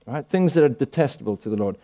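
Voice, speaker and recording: A man's voice: medium pitch, expressive, fast talker, dark tone. A pastor preaching a conversational sermon to his church, with frequent restarts and rhetorical questions. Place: church hall.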